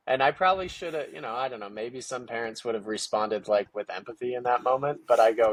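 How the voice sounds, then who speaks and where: A man telling stories casually in an interview, lively and acting out quoted dialogue with lots of "like" fillers. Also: medium pitch, a little fast. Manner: animated, acts out quoted dialogue with many "like" fillers. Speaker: guest, parent of a young ninja athlete. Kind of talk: casual storytelling conversation.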